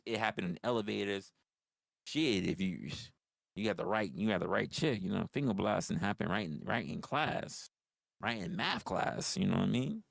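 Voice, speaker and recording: A man's voice: low-pitched, normal speed, creaky, no room sound, studio quality. A man, rambling through profane stories on a casual livestream. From New York. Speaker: livestream host.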